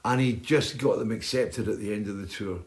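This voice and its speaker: A man's voice: on the low side, a little fast. An older man, hosting and telling stories in a rambling, chatty way, often tagging on "right?". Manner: chatty, keeps adding "right?". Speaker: host. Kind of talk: rambling storytelling chat.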